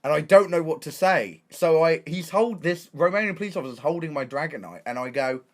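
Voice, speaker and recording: A young man with an English accent, a streamer telling a story in a casual, excitable way, full of slang and restarts. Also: fairly high pitch, brisk. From England.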